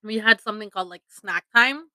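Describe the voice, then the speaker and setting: A woman's voice: medium pitch, fairly quick, bright, forceful tone, no room sound, low-quality recording. A young woman from Toronto co-hosting a casual podcast chat, laughing and snacking as she talks and swearing casually. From Toronto, Canada. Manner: laughs often, eats while talking, swears casually. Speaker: podcast co-host.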